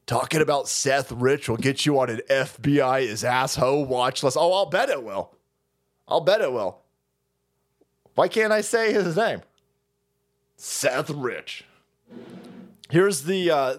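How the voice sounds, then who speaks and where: A man hosting a stream, ranting about politics in a loud, foul-mouthed, mocking way, jumping between shouts and low mutters. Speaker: host of a political rant stream. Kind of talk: profane political rant.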